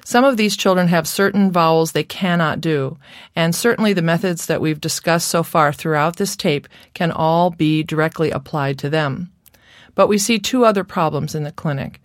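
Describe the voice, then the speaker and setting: This woman speaks in a low pitch, recorded cleanly in a studio without any echo. She gives a careful, scripted lecture on speech therapy, moving slowly and modeling the sounds she describes.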